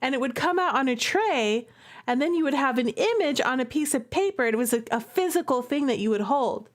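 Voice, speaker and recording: A woman's voice: high-pitched, lively intonation, a little fast. A woman streaming a game live, talking playfully to her chat and laughing often.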